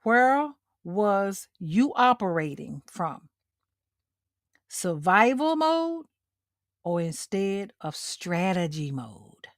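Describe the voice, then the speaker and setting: A woman's voice: mid-range voice, sing-song, drawn-out words, dry recording, studio quality. A middle-aged woman hosting a motivational livestream talk, speaking directly to her listeners and repeating her key lines for emphasis. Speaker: host.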